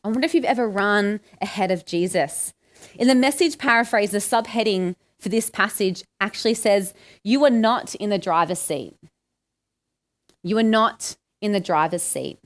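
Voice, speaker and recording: A woman's voice: mid-range voice, moderate pace. An Australian woman giving a conversational sermon, asking her listeners questions and acting out the lines she quotes. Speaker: preacher.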